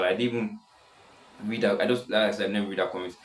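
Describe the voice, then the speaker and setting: A seventeen-year-old boy with a deep voice, rambling casually in a self-improvement vlog, full of restarts. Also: steady tone, rapid-fire, echoey room, rough recording. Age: teens. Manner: rambling, many restarts and "stuff like that". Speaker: vlogger.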